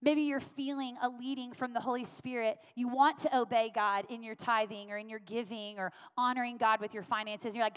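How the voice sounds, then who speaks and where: A woman's voice: on the high side, steady tone, brisk, hardly any pauses, smooth. A woman pastor preaching a sermon in an earnest, emphatic way, repeating her phrases for weight. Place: church sanctuary. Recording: long reverb of a church hall.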